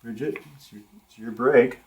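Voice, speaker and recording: A man's voice: mid-range voice, moderate pace, a little mellow, dull audio. An older man teaching a live watercolor demonstration in a studio, thinking aloud as he paints, often trailing off and restarting his sentences. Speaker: art instructor. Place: art studio with a live model.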